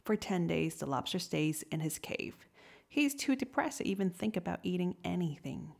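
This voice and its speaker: A woman reading a storybook tale aloud in a gentle, soft-spoken way. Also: lowish voice, sing-song, moderate pace, vocal fry, slightly rough. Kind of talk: storybook narration.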